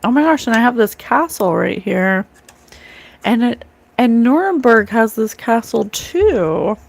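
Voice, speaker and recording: A middle-aged woman streams a live psychic card reading, speaking earnestly and emotionally to her viewers in casual talk. Her voice is fairly high, very animated, unhurried and creaky.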